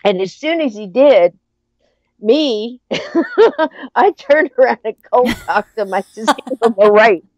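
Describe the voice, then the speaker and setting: A woman's voice: on the high side, lively intonation, a little slow, long pauses, darkish tone, no room sound. A middle-aged woman in casual chat, animatedly telling a story with frequent laughter. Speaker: podcast guest. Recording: dry, muffled lo-fi audio.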